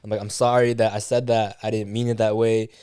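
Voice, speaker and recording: A man's voice: lowish voice, level tone, brisk, dark tone, smooth, dry recording, clean studio sound. A young man, a podcast co-host, telling a casual story with lots of swearing and acted-out quotes of what was said. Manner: swearing, acts out quoted dialogue, many fillers.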